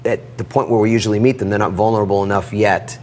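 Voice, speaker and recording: A middle-aged man telling a personal story in an interview, animated and acting out the dialogue. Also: lowish voice, fast talker, slight background noise. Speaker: guest.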